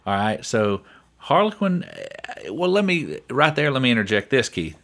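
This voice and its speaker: A man's voice: mid-range voice, wildly swooping pitch, normal speed, gravelly, a bit bright. A man co-hosting a casual podcast, chatty and leading the talk, often calling his co-host by name. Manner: chatty, keeps saying his co-host's name.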